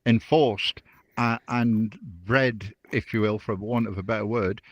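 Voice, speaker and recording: A man's voice: fairly low pitch, fairly even intonation, unhurried, dry recording, lo-fi sound. A man in casual chat, rambling and self-interrupting, joking along.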